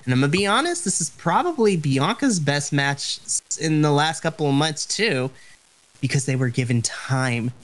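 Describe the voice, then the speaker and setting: A man co-hosting a wrestling podcast in casual chat, passionate and excitable, tripping over his words when worked up. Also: fairly high pitch, moderate pace. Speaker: podcast co-host.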